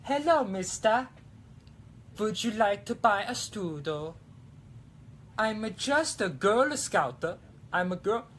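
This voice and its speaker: A man voicing a young German girl in pigtails with a mock German accent, high and sing-song. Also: very animated, slow, long pauses, fairly bright tone, a little hiss or hum, full character voice. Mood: sweet.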